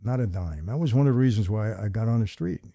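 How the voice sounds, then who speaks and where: An older man hosts a sit-down talk, spinning long stories and voicing the people in them. His tone is mellow and relaxed. The sound is close and dry. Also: fairly low pitch, quick pace, gravelly, no echo. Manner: animated storyteller acting out quoted dialogue. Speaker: host. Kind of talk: conversational storytelling.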